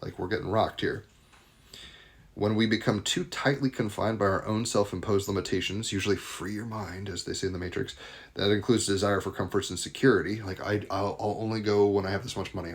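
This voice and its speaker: A man with a deep, low voice hosts a live tarot and astrology card reading. He talks in a loose, enthusiastic, rambling way, full of asides.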